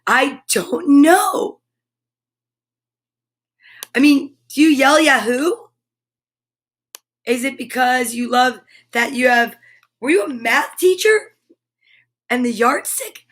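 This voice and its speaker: Woman, high voice, bubbly, exclamatory, live-stream host chatting with viewers. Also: a bit bright. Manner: bubbly, exclamatory, reads viewer comments aloud.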